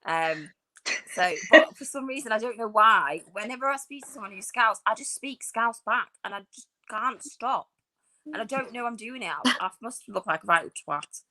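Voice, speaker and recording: Chatty bright-voiced woman. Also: a little high, animated, normal speed. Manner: chatty, rambling, self-deprecating. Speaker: podcast co-host. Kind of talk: casual chat.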